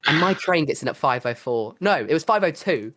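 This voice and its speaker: Animated young man, dramatic storyteller. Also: a little high, fairly quick. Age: young adult. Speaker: podcast host. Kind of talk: casual chat.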